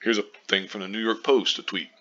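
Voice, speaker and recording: A man rants in a commentary vlog, his voice bright and forceful, swearing often and wandering off into asides. The recording sounds muffled and lo-fi. He stays irritated and talks straight at his viewers. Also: fairly low pitch, level tone, brisk. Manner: exasperated, profane, rambling. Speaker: video commentator.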